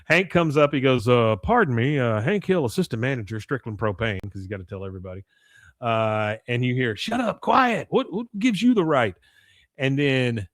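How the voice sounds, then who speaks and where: A man in casual conversation walks through an episode scene by scene, quoting the characters and laughing along. His voice sits at an ordinary middle pitch. The sound is dry and close, with no room around it. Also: no room sound. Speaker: podcast host recapping an episode. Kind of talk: casual chat.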